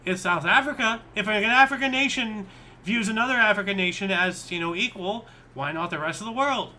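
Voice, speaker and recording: A man's voice: high voice, a little fast, sharp tone, slight background noise. A man co-hosting a history show, chatting casually and thinking aloud as he reads. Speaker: co-host.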